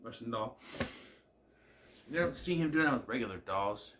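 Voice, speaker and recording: A man's voice: medium pitch, lively intonation, moderate pace, fairly bright tone, a little hiss or hum. A man casually recapping and reviewing a TV episode, musing aloud, questioning the plot and often trailing off with "I don't know.". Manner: laughs at the scenes.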